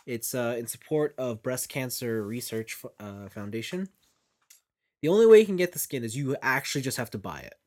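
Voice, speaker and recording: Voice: medium pitch, expressive, a little fast, darkish tone. A podcast co-host from Canada chatting casually about games and pop culture, laughing often. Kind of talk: casual chat.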